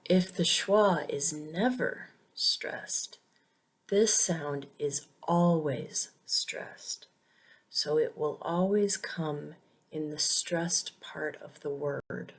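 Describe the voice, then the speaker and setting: A woman teaching English pronunciation in a scripted lesson, saying each example word twice in a deliberate way. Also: sits low, breathy edge, low-quality recording.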